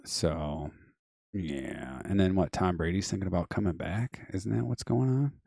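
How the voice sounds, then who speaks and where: Low-voiced man, hoarse, rambling live-stream host. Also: unhurried, warm tone, no room sound, studio quality. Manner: rambling, offhand, many fillers and trailing asides. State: losing his voice. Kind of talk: casual live-stream chat, reading viewer comments.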